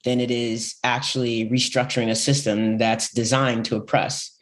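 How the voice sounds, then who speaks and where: A man's voice: mid-range voice, level tone, moderate pace, a bit bright, slight background noise. A man interviewing a guest, reflecting thoughtfully in casual chat. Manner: thoughtful, with many "you know" fillers.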